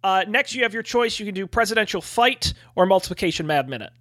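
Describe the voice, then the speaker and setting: High lively guy running a tabletop game, says uh a lot, dry close sound. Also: fast, dry recording. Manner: chatty, hesitant with "uh" fillers. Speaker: game master.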